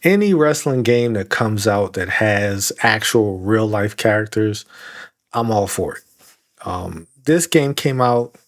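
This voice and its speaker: A man's voice: fairly low pitch, animated, takes it slowly. A young man co-hosting a podcast in casual chat, laughing often and acting out quoted lines. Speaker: podcast co-host.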